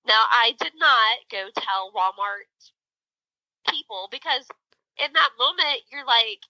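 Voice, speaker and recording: A woman's voice: on the high side, slow pace, no room sound, low-quality recording. A middle-aged woman co-hosting a podcast, telling a story in casual chat with lots of fillers. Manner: animated storytelling, many fillers. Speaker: podcast co-host.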